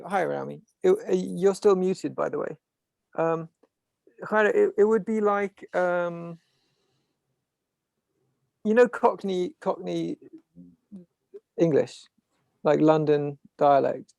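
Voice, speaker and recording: Over a video call, a man leading an online discussion group offers casual explanations in a professorial manner, full of restarts and side remarks. His voice is high-pitched and somewhat dark, with vocal fry, captured in a dry, studio-quality recording.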